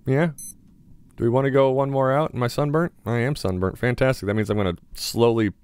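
A man's voice: medium pitch, brisk, a little mellow, clear, resonant tone, dry recording. A young man giving casual gameplay commentary as a gaming YouTuber, chatty and mildly sarcastic as he talks to himself.

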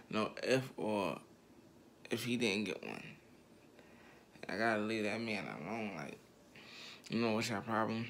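A man's voice: fairly low pitch, creaky, fairly bright tone, a little hiss or hum. A man ranting in heated, slangy street talk straight at his viewers, repeating his points over and over. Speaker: online commentator.

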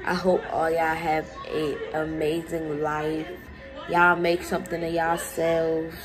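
A woman's voice: low-pitched, monotone, slow, over music, low-quality recording. A young woman in her late teens chatting casually and emotionally to her viewers in a vlog. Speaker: vlogger.

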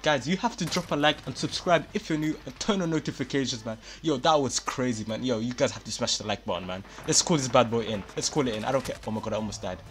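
A man and gaming YouTuber giving excited gameplay commentary, hyped and exclaiming often, voice a bit worn. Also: mid-range voice, fast talker, few pauses, noisy background. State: losing his voice a little.

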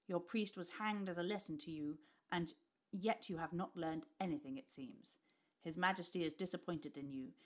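A woman's voice: lowish voice, natural voice. Woman voicing a cruel, gloating old duke. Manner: slow, sneering, barking orders.

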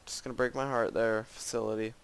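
This man's mid-range voice is smooth and level, and he talks fast. He plays a custom game map in a casual let's-play, frequently gasping and exclaiming while poking fun at himself.

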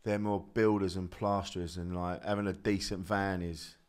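A man's voice: sits low, level tone, normal speed, clean tone. A man with an Essex accent, a comedian guest, chatting easily on a podcast with jokey asides. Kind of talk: casual chat.

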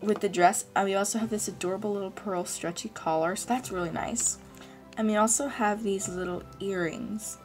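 A young woman hosting a casual unboxing vlog, gushing and excitable, gasping and saying "like" a lot. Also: mid-range voice, moderate pace, faint music behind. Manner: gushing and excitable, with gasps and many "like"s. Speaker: channel host.

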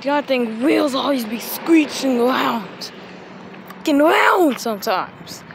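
A woman's voice: high-pitched, lively intonation, slow pace, creaky. A woman improvising a toy story, grumbling and making threats in a rambling way. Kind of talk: improvised toy play-acting. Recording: noisy home recording.

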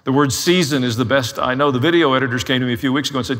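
A man's voice: medium pitch, racing, fairly bright tone, in a large hall, slight background noise. A man preaching a sermon as a pastor, telling his own story in a candid, self-deprecating way.

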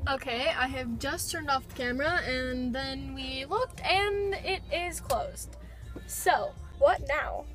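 A woman's voice: high-pitched, slow, faint music behind. A young woman chatting casually in a vlog, giggly and talkative, filmed on her phone. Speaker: vlogger. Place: outdoors and in a car. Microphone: phone camera.

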